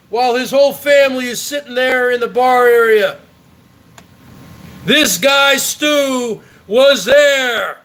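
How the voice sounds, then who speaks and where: High-voiced man ranting slowly. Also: a bit bright, low-quality recording. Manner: angry, profane, sarcastic. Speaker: host. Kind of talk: ranting livestream commentary.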